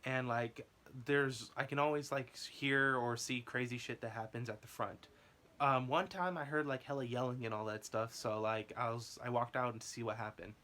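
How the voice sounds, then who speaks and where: A young man tells a story straight to his audience in a casual, rambling way. He piles up filler words and laughs between his sentences. His pitch sits in an average middle range. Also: fairly even intonation, normal speed, pushed and bright. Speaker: vlogger.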